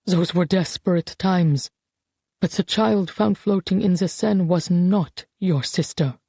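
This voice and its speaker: A narrator doing a rasping, weeping old man. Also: mid-range voice, mellow, no room sound. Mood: tearful. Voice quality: rasping, shaky. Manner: pleading, halting, slow. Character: guilt-ridden elderly man, desperate and weeping.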